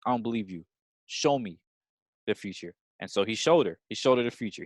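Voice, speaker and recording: Excited rambling man, casual podcast talk. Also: lowish voice, no room sound. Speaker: podcast host. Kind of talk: casual chat.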